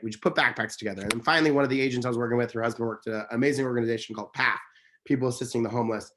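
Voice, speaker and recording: With a mid-range, slightly bright voice, a male interview guest tells casual conversational stories. He is earnest, passionate and emphatic, wandering off track and correcting himself.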